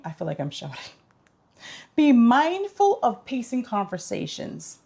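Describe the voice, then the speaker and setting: Chatty woman with a gravelly, lively voice. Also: a little high, unhurried. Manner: upbeat, chatty, instructive. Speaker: vlogger. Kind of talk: casual tips chat.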